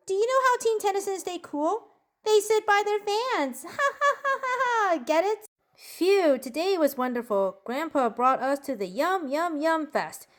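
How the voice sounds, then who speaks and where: A woman voicing a cheerful, bookish preteen girl in a journal-style character monologue, bubbly and giggly as she tells jokes. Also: high-pitched. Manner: bubbly, giggly joke-telling.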